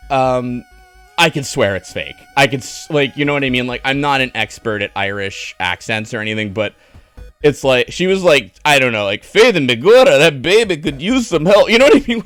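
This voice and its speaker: A man's voice: mid-range voice, pushed and bright. A man giving a casual, rambling movie review on a stream, sardonic and full of fillers and restarts.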